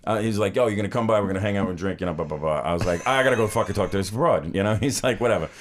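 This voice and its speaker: A man's voice: low voice, racing, a little hiss or hum. A man in his forties with a New Jersey accent, a blunt, profane guest telling stories and laughing through them. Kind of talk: casual storytelling.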